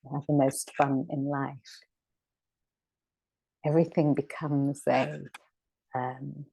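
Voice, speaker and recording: A woman's voice: very deep voice, little pitch movement, takes it slowly, vocal fry, warm tone, slightly rough, low-quality recording. A woman teaching a scripture discussion class, reflective and returning again and again to key words. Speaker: spiritual teacher.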